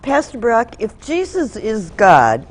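A woman's voice: fairly high pitch, wildly swooping pitch, slow pace, slight background noise. A woman co-hosting a Bible teaching show, reading out a viewer question to the pastor. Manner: reads questions from a script. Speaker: co-host.

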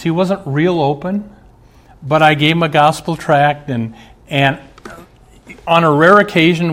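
Middle-aged guy pastor preaching, earnest, keeps asking the church questions. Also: fairly high pitch. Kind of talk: sermon.

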